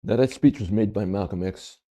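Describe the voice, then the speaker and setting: A man giving video commentary, speaking deliberately with pointed questions and repeating himself for emphasis. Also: on the low side, warm tone.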